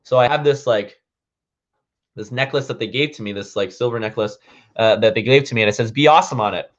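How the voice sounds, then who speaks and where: A man in a casual vlog, telling a story at a mid pitch with a rambling flow full of "like" and "um". The recording is dull and a little lo-fi, as if taken with a basic camera mic. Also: brisk. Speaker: vlogger.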